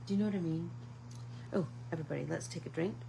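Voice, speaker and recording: A woman's voice: deep voice, fast, vocal fry, background noise. A middle-aged woman hosting a casual live painting class, chatting to viewers like friends and rambling through stories. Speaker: art class host.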